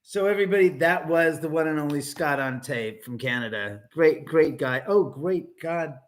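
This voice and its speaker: A man's voice: on the high side, normal speed. A man hosting a live paranormal stream from a house said to be haunted, joking and swearing casually as he talks to the spirits.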